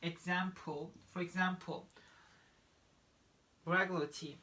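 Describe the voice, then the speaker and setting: A man from Turkey with a Turkish accent, a native Turkish speaker teaching English pronunciation in a halting way, with many restarts. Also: high-pitched, steady tone, sharp tone, a little hiss or hum. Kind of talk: online lesson.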